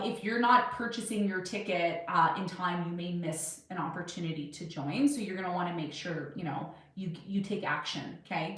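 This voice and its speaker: Her voice on the low side and fairly bright, a woman in her thirties hosts an astrology livestream at her home desk and answers viewers' questions with self-assured rambling. She's of Jamaican, Irish and Serbian heritage. The room is very echoey, and the webcam or desk camera sits far from her.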